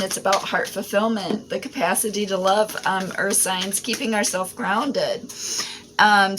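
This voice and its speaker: Slow, rambling woman reading tarot. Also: medium pitch. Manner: rambling, frequent "right?" and "um" asides. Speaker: tarot reader. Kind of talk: casual spiritual reading monologue. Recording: noisy home recording.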